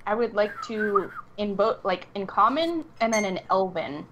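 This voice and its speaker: A woman's voice: mid-range voice, expressive, measured pace, lo-fi sound. Female player at the table, casual and giggly, with a faint hiss behind her. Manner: giggly, chatty.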